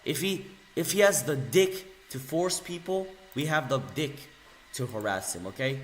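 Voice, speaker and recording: Young male ranter, higher voice, mocking and insulting, mutters then yells, echoey room. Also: expressive, moderate pace, slight background noise. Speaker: video ranter. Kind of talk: angry rant video.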